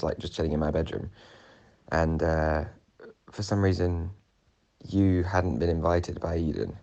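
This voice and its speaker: Young bloke rambling thru a dream, really low gravelly dark voice. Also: male voice, lo-fi sound. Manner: rambling, many fillers and restarts. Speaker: podcast co-host. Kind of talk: recorded dream retelling, casual.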